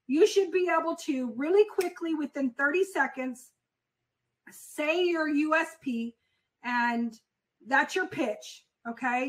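A woman with a high, bright, sharp-edged voice teaches a casual class on phone sales. She talks straight to her students, repeats her main points and leans on fillers as she explains. Her tone stays conversational and instructive. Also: rough recording. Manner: conversational, addresses the class directly. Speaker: sales coach for freight brokers. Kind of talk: casual spoken lesson.

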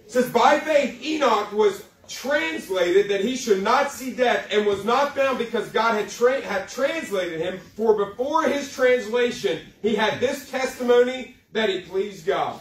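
A man preaches to a youth group in a folksy, joking way, slowing down to stress each point. His voice sits high, and it rings in an echoey hall, heard from a little away from the mic. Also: animated, far from the mic. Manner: folksy, joking, preaching with dramatic slow emphasis. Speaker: youth pastor. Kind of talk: sermon.

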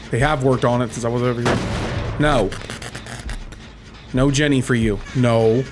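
A man's voice: mid-range voice, steady tone, normal speed, background noise. A man giving live gameplay commentary, taunting and trash-talking his opponents with plenty of swearing. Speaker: gaming streamer.

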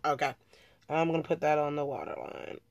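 Deep-voiced and somewhat dark in tone, this young beauty vlogger talks fairly quickly with big pitch swings and vocal fry. She chats through a makeup tutorial as she works, often correcting herself, with no room sound.

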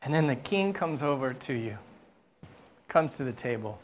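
A pastor, preaching a sermon through playful, animated storytelling. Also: mid-range voice, normal speed, a little hiss or hum. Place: church.

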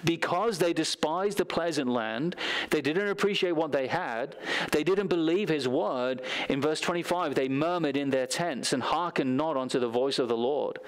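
A man's voice: on the high side, normal speed. A man preaching a sermon as pastor, reading scripture aloud and telling stories from his own youth. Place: church sanctuary.

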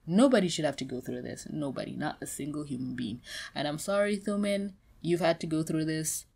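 Impassioned, profane woman YouTuber, lowish voice. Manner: impassioned, swings from quiet to heated outbursts; profane and blunt. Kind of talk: commentary vlog.

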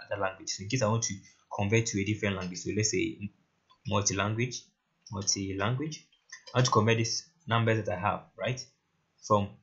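A man with a fairly low, slightly bright voice narrates a screen-recorded coding tutorial in a relaxed way, repeatedly saying "right?" and "very interesting" as he works. The mic sounds lo-fi and muffled, with keyboard typing and clicks behind him.

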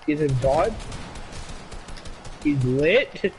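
Man streaming a game, lively and profane. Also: fairly high pitch, extremely slow, slight background noise, poor audio. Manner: profane, excitable trash talk. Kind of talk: casual gaming chat.

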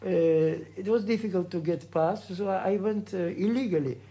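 A man in his eighties from Russia, speaking English with a Russian accent, recalling his past at home in a halting way full of hesitations. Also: high voice, warm tone. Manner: halting, many hesitations and restarts. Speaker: composer being interviewed. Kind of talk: reminiscing interview.

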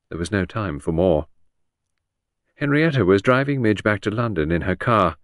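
A man's voice: fairly low pitch, lively intonation, normal speed, no echo, studio quality. A man reading a classic detective novel aloud as an audiobook narrator, giving the characters' lines small shifts of voice. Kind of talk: scripted narration.

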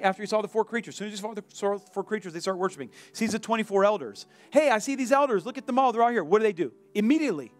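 A male pastor preaching a sermon in a church, animated, acting out the voices of the people in his story. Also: sits high. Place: church sanctuary.

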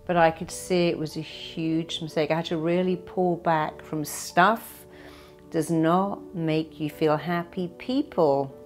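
A woman with a lowish voice gives an earnest motivational talk built on personal stories. She slows down to stress her points. Faint music plays behind her. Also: fairly even intonation. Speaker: therapist and motivational speaker.

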